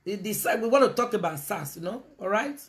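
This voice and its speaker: Nigerian woman, live-stream host, very expressive pitch, chatty, mixes in Pidgin. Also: brisk. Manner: animated, switches into Pidgin, calls out to viewers. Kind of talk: casual live-stream talk.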